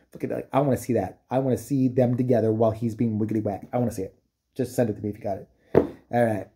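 A man ranting in a profane, mocking vlog commentary, sometimes slipping into quick impressions. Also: lowish voice, steady tone, mellow, slightly rough. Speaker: vlogger.

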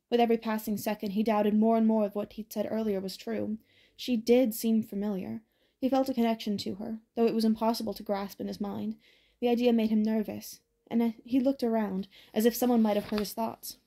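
A woman narrating an audiobook in a steady, even storytelling manner. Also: on the high side, brisk, vocal fry.

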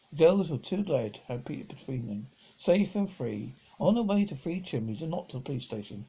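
Male storybook reader, gravelly and husky, lively delivery. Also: fairly high pitch, brisk, few pauses, poor audio. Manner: expressive, switches into character voices. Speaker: audiobook reader. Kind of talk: storybook read-aloud narration.

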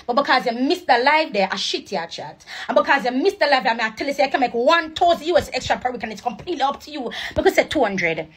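A young woman with a Jamaican accent, livestreaming a rambling, preachy sales pitch for her network marketing business. She repeats herself and slips into patois. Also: expressive, quick pace, hardly any pauses, husky. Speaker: live streamer promoting a network marketing business. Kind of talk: casual live-stream sales pitch.

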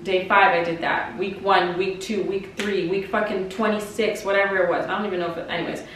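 A woman's voice: medium pitch, steady tone, brisk, slight background noise. A woman in her twenties giving candid breakup advice in an emotional, confiding way, with frequent "like" and casual swearing. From Canada. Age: 20s. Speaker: vlogger. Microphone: compact camera mic. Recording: echoey room, somewhat far from the mic.

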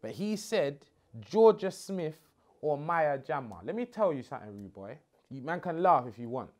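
A man's voice: on the high side, normal speed. Young man bantering with fans. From half Ghanaian. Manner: cheeky, bantering London slang, lively swings of loudness. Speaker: host. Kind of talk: casual chat answering fan questions. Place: living room. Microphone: phone at arm's length.

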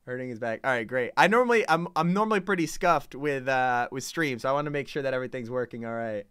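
A man doing live, excitable reaction commentary as a gaming streamer, chatting with his viewers. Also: medium pitch, fast talker, clean tone, dry recording, studio quality. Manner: excitable, chatty, addresses chat.

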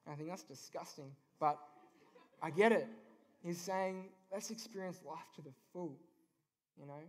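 Young man, earnest faith talk, casual and hesitant, voice a little high. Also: moderate pace. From Australia. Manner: earnest, informal, with many ums. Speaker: youth event speaker. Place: event venue.

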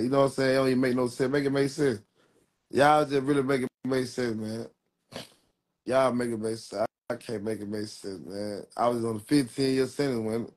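A man in his twenties talks straight to his viewers in a casual livestream. He rambles, circles back and keeps leaning on street slang. His voice sits at an ordinary middle pitch. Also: darkish tone. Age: 20s. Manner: rambling street slang, repeats "real talk". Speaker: rapper.

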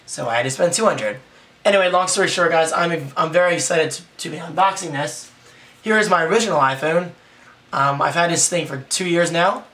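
Hoarse young male vlogger, excited and rambling, a bit high, recorded from a distance with faint noise behind. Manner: excited, rambling, self-deprecating. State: hoarse, raspy from yelling. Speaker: tech vlogger. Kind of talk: casual unboxing vlog.

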